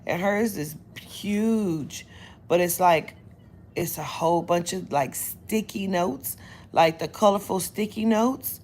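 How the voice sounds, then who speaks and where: A woman reader chatting casually to her viewers, blunt and profane, retelling her day with lively quoted dialogue. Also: fairly low pitch, takes it slowly. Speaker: spiritual reader. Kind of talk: casual storytelling to camera.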